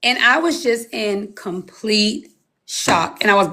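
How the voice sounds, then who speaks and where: Speaking as an interview guest, a woman in her thirties shares a personal testimony through animated storytelling, acting out things she once said. Her voice sits in the mid range, and she takes her time.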